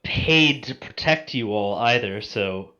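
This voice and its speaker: Cast: a man playing a worried young woman mage for a tabletop game, halting and soft, mid-pitched. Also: animated, highs cut off. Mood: uncertain. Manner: hesitant, halting, soft-spoken.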